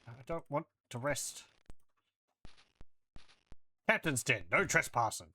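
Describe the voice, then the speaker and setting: A man talks slowly through a retro game session, musing aloud as he explores and reads combat results off the screen. His voice is bright and forward, with unhurried pacing. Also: medium pitch, expressive, slight background noise. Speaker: let's play host. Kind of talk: casual gameplay commentary.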